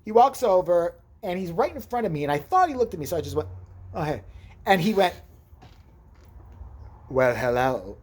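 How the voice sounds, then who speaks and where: Woman, husky low voice, lively swings in pitch, profane rambling vlog storytelling, acts out quotes. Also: fast talker. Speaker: vlogger. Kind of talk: casual storytelling.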